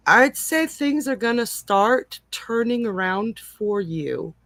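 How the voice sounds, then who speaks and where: A woman giving live psychic readings in a gentle, reassuring and emotional way. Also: a little high, lively intonation, takes it slowly, dry recording. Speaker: psychic reader. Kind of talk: live online reading, casual chat.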